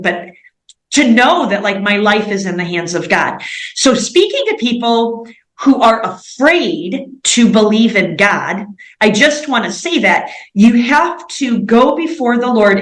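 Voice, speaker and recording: A woman's voice: mid-range voice, fairly bright tone, reverberant, low-quality recording. A woman in her forties from the United States, a missionary guest speaking earnestly in an interview, often filling gaps with "like" and "um". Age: 40s. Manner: earnest, many fillers like "like" and "um". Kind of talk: interview conversation.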